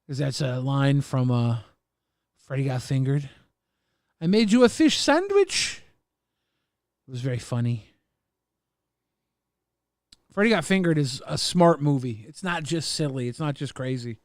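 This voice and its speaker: A man hosting a livestream, casually reading viewer messages and rambling with plenty of swearing in a deadpan way. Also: mid-range voice, normal speed, long pauses, dry recording, studio quality. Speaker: stream host.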